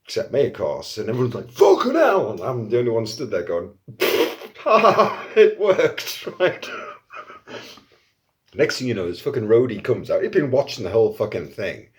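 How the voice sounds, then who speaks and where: A man telling a casual anecdote in an animated way, swearing often and acting out quotes. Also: on the low side, fast. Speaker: storyteller.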